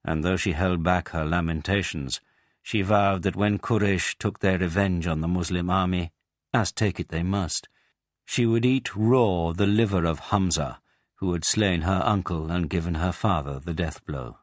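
A man reading a historical account aloud as a narrator, in a measured, even way. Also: low-pitched, dry recording, clean studio sound. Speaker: audiobook narrator. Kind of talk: scripted narration.

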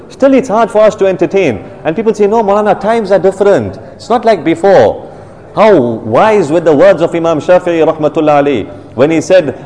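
A man preaching a sermon, emphatic and slowing down to stress key phrases. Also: high-pitched, a little mellow. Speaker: preacher, maulana. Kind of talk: sermon with storytelling. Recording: long hall reverb.

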